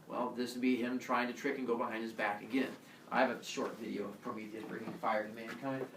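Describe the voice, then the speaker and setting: A man teaching a class, retelling a story in a playful, animated way and quizzing his listeners, recorded from a distance in an echoey classroom. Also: mid-range voice, brisk, a little hiss or hum. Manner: playful, asks the class questions. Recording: echoey classroom, far from the mic.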